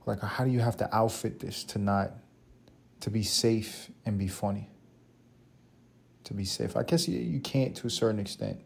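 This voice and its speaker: A man with a low voice hosts a solo podcast, talking casually. His tone is dark and mellow. He rambles through stories with plenty of swearing and jokes. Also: gravelly. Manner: rambling, profane, jokey storytelling. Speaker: podcast host.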